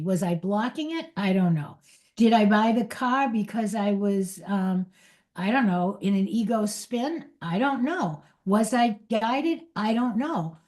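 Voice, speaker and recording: A woman's voice: medium pitch, a little mellow. A middle-aged woman leading a spiritual talk, candidly telling a personal story and often laughing at herself between restarts. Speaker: spiritual teacher.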